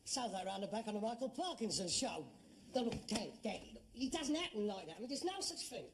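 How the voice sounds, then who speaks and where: Playing a grown son full of sarcasm and scorn, a sitcom actor delivers mocking, exasperated lines typical of 1970s sitcom acting. The voice is high-pitched with big pitch swings and a slightly fast pace, set against a noisy background.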